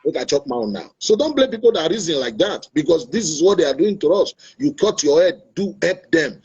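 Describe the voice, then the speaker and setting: A man's voice: a little high, big pitch swings, a little fast, a little mellow, slightly rough. A Nigerian man hosting an online talk show, earnest and preachy, repeating his points. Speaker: show host. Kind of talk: opinionated talk-show monologue. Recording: dull lo-fi online stream audio.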